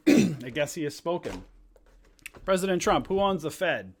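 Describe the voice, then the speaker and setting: A man's voice: fairly high pitch, sing-song, normal speed, long pauses. A man casually hosting a live stock-trading stream, chatty and jokey, rambling as he talks.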